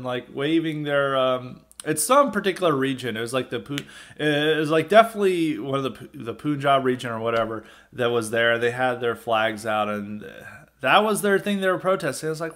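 A man's voice: fairly high pitch, normal speed, a bit bright. A man hosting a podcast, giving blunt, indignant opinion commentary with restarts and chuckles. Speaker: podcast host.

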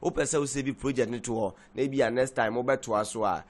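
A man giving a software tutorial as a DJ, talking haltingly with many fillers and switching into Twi. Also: medium pitch, steady tone. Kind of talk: screen-recorded software tutorial.

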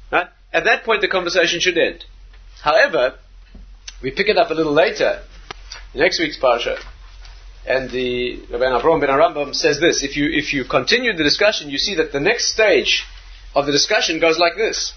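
A man, a rabbi, giving a Torah lecture in an animated way, repeating phrases and asking rhetorical questions. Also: a little high, normal speed, breathy edge, dull audio.

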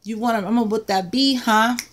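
A woman hosting a casual haul vlog about craft supplies, excitable and full of playful exclamations and asides, recorded on a close mic at a table. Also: a little high, brisk.

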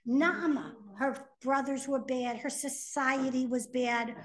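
A woman's voice: sits high, slow. A woman teaching a class, reading sources aloud and translating them as she explains. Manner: animated, reads Hebrew text then translates. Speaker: Torah teacher. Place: classroom with students.

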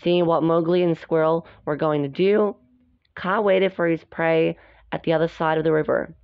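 Reading a storybook at normal speed, a woman with a low-pitched, clean voice keeps her intonation fairly even and breaks off to chat about the pictures. Her manner is casual, and the recording is dull, dry and lo-fi with no room sound.

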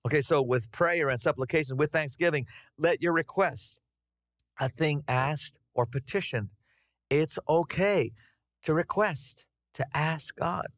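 A middle-aged man preaching a conversational, animated sermon to his congregation. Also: on the high side, unhurried, no room sound, clean studio sound. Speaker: pastor. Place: church sanctuary.

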